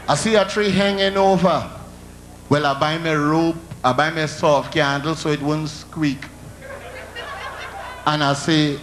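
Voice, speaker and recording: A male comedian with a Trinidadian accent, telling stories in a comic monologue full of animated storytelling and funny sound effects. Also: a little high, a little hiss or hum.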